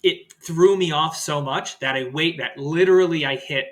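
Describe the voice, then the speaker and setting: A man's voice: a little high, moderate pace. A man who is a guest on a podcast, chatting casually, laughing easily and swearing. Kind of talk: casual chat.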